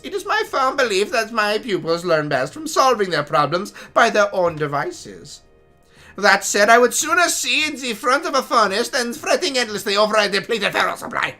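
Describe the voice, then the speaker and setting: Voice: medium pitch, sing-song, moderate pace, pushed and bright, soft background music, pitched above the performer's own voice. Gamer doing Hildolf, a pompous German-accented scientist. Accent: put-on German. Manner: pompous, formal, lecturing. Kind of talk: reading game dialogue aloud.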